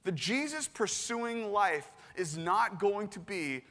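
A man preaching a casual sermon in an animated, slangy way, with frequent restarts. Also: high-pitched, slow pace, hardly any pauses. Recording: long hall reverb.

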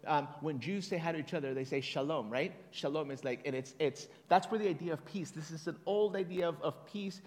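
A slightly higher-voiced man preaches in a relaxed, chatty way, reading scripture aloud and getting the congregation to answer him. His voice carries through a large church sanctuary with a long, ringing reverb. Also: fairly quick, few pauses. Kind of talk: conversational sermon.

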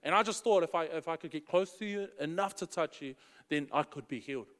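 A man's voice: fairly high pitch, fairly quick, a bit bright, long reverb tail, lightly acted. A man voicing a sick, desperate woman who speaks hesitantly. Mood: sheepish.

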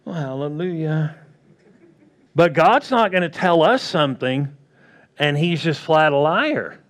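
Preaching in an unhurried, conversational way, this pastor has a fairly high, fairly bright male voice with big swings in pitch. He throws rhetorical questions at the crowd and plays out what people and God might say.

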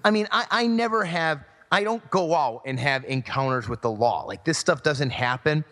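With a fairly high, expressive voice and a fairly bright tone, a man co-hosting a podcast narrates casually at a normal pace, performing the voices of the story's characters. The sound is washed in long hall reverb.

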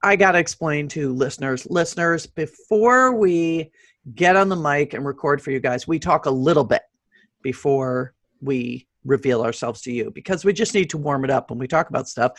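Lively, joking middle-aged woman host. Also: low-pitched, normal speed, no echo. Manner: animated, joking, laughs often. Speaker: podcast host. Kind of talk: casual chat.

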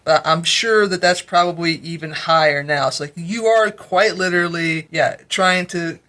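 A man's voice: fairly high pitch, normal speed, sharp tone. A man co-hosting a podcast in casual chat, correcting himself as he goes. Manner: chatty, self-correcting. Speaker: podcast co-host.

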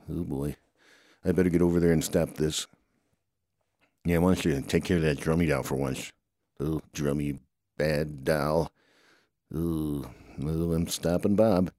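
A man's voice: extremely low pitch, warm tone, no echo, studio quality. A man improvising a playful story, rambling along with lots of groans and "oh boy" asides. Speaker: storyteller voicing toy characters.

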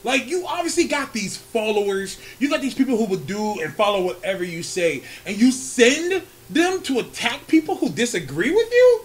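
A man's voice: very high voice, moderate pace, hardly any pauses, a little hiss or hum. A man co-hosting a podcast, chatting casually, ranting with feeling and laughing often. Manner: animated, rants, laughs often. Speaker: podcast co-host. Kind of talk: casual profane chat.

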